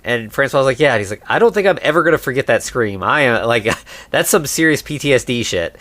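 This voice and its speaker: A man co-hosting a podcast, casually recapping a movie and putting on quick voices for its characters. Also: medium pitch, expressive, a bit bright, no echo. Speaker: podcast co-host.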